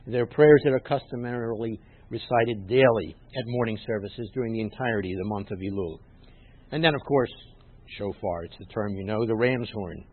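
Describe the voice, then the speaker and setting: A man preaches as a rabbi. He explains in a teacherly way, then pushes his voice up loud to stress a point. His voice is a bit husky, and the recording is narrow and muffled, like a phone line. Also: fairly low pitch, normal speed. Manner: emphatic, rises loud on scripture quotes, teacherly asides. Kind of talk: sermon.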